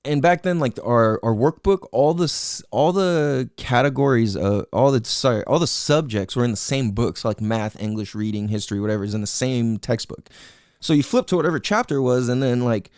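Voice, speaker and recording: Profane rambling podcast host, dry sound. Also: male voice, mid-range voice, fairly quick, a little mellow, dry recording. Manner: profane, rambling, heavy on "like" and "you know what I'm saying". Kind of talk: casual storytelling monologue. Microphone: headphones with mic.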